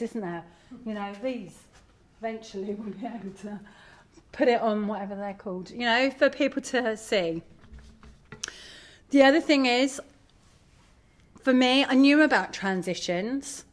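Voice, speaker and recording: A middle-aged woman giving a candid, animated talk to an audience as a parent. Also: mid-range voice. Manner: animated, candid, self-deprecating. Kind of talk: live presentation to an audience.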